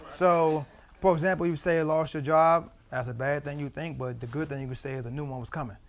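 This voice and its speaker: A man's voice: on the high side, steady tone, a little fast. A young man leading a church Bible study, telling loose personal stories with slang and frequent laughter.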